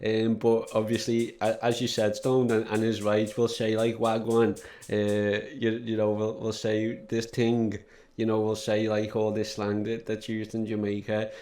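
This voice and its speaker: A man hosting a casual reaction podcast, loose, excitable and swearing freely. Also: fairly low pitch, moderate pace. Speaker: podcast host.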